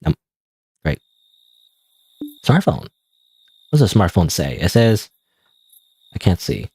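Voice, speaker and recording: Rambling low-voiced gaming streamer man. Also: very animated, takes it slowly, mellow, slightly rough, dry recording. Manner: rambling, self-deprecating, frequent "I don't know" and "you know". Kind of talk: casual live gameplay commentary.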